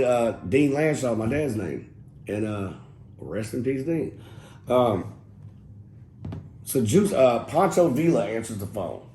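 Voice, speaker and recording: A middle-aged man, casually telling an interview story in a loose, profane, animated way and quoting people as he goes. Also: mid-range voice. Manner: loose, profane, animated retelling with quoted dialogue. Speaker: rapper telling his story as guest. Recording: roomy echo with faint background noise.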